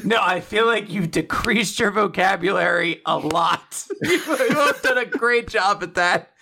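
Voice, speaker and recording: A man's voice: sits high, unhurried, gravelly, a little hiss or hum. A young man co-hosting a casual podcast, recapping comics with constant laughter. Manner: giggly, animated, laughs mid-sentence. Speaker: podcast co-host.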